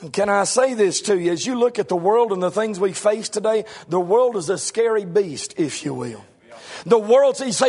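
A middle-aged male preacher giving a sermon in a folksy way, swinging between shouted lines and low, quiet asides. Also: animated, unhurried, slightly rough.

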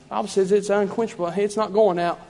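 A man's voice: sits high, steady tone, fast talker, mellow, in a large hall. A man preaching a sermon in a church, fervent and repetitive in his cadence.

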